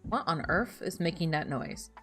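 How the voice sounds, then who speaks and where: A woman talks through her game for her stream viewers in casual, running commentary, her pitch swinging up and down as she goes. She is chatty and animated, quick to get flustered and to ask her chat questions. Faint game music plays beneath her voice.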